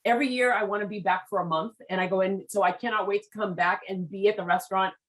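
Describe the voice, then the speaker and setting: In a rough recording, a podcast host who is a Haitian American woman from the US, speaking with an American accent, chats through a casual interview. Her medium-pitched voice is steady in tone but quick, and she comes across as enthusiastic and gushing, often saying "like" and "I mean."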